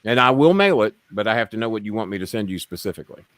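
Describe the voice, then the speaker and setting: A man with a lowish voice hosts a live stream, rambling along and swearing freely as he haggles over a sale. The sound is dry and close, with no room around it. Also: lively intonation, rapid-fire, fairly bright tone, no echo. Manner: rambling, profane, bargaining with viewers. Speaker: show host. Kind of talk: casual live-stream chat.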